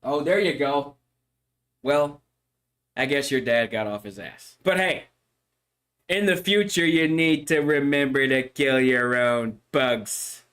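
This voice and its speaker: A man, a streamer, chatting casually on a livestream in an animated, mock-solemn lecturing way. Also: mid-range voice, slow. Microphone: microphone.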